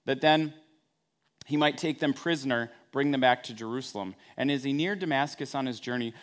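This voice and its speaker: Conversational male pastor, slightly high voice. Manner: conversational storytelling with wry asides. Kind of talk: sermon.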